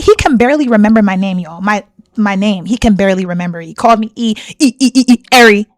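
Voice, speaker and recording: Heated and indignant, a woman reacts on her channel with confrontational commentary, hammering her points by repeating them. Her voice is mid-range and animated at a quick pace, with no echo.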